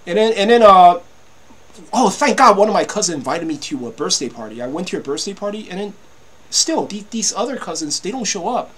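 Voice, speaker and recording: A man's voice: sits high, sing-song, fast talker, fairly bright tone. A man in his fifties ranting to camera, agitated and repetitive, stammering through restarts and swearing freely. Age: 50s. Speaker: vlogger.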